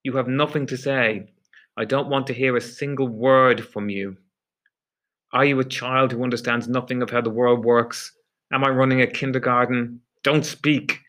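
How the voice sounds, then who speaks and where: A man reading a story aloud, voicing a furious male prison official who shouts contemptuously at a newcomer. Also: medium pitch, fairly even intonation, moderate pace, natural voice. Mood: scornful.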